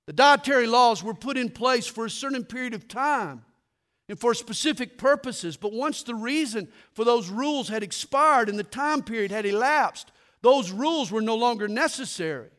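A man preaching a sermon, telling stories with humor and dropping low and quiet for his punchlines. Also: moderate pace. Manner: animated storytelling, drops to quiet for punchlines.

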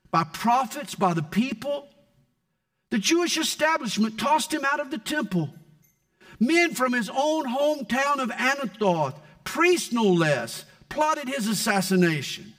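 Animated high-voiced male preacher. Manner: dramatic, reads scripture and poetry with sweeping swings in tone. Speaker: pastor. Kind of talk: sermon.

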